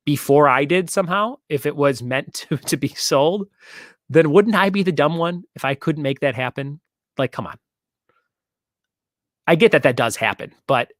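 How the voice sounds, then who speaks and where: A young man hosting a casual trivia stream, his voice sitting a little high for a man. He jokes and rambles between questions and reads viewer comments aloud. The sound is dry and close, with almost no room around it. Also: fairly bright tone, no room sound. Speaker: trivia show host.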